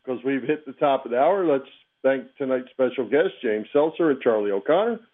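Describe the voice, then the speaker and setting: A man's voice: medium pitch, lively intonation, fairly quick. A man co-hosting a casual sports radio chat, friendly and talkative, often repeating himself. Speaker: co-host. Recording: phone-like call-in line.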